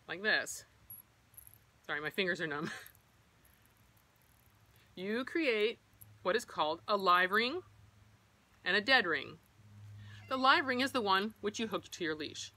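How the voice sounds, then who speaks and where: A woman's voice: medium pitch, expressive, unhurried, long pauses, bright, forceful tone. A middle-aged woman who trains service dogs, explaining equipment in a practical, personal vlog style. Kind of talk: instructional vlog.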